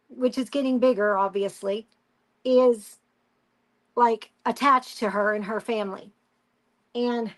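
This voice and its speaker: A woman hosting a crafting live stream, chatting casually and telling stories while she works. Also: fairly high pitch. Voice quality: chatty storyteller, animated retelling with quoted voices.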